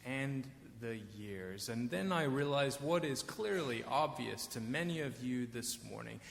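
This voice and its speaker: A man's voice: medium pitch, expressive, measured pace, vocal fry. A middle-aged man preaching a sermon as pastor, telling stories with wry, self-deprecating asides. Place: church sanctuary. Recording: echoey church hall.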